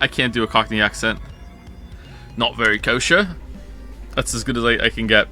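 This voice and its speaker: Bright-voiced man, rambling stream chat. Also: medium pitch, normal speed, soft background music. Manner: rambling, self-correcting, jokey.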